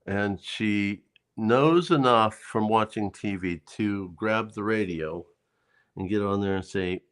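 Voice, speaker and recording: A man co-hosting a casual livestream, telling a joke in a halting way with many fillers and repeats. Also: fairly low pitch, clear, resonant tone. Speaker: co-host of a livestream chat. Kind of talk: casual chat, telling jokes.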